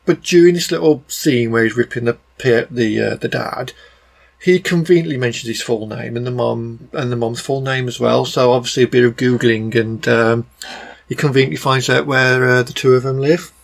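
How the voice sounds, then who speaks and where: A man's voice: medium pitch, moderate pace, vocal fry. A man with a Black Country accent giving a blunt, exasperated film review in a rambling, casual way, full of ums.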